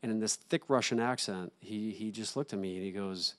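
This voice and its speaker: A young adult man, a guest on an interview show, telling a personal story in an earnest, halting way with many restarts. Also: fairly low pitch. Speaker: interview guest, actor and author.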